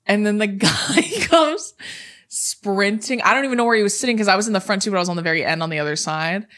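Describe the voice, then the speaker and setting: A woman co-host in a loose, casual chat who tells stories with big animation. She swears freely and acts out the people in her story, from their lines to their yelps. Her pitch sits mid-range for a woman. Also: fast, fairly bright tone. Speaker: podcast co-host.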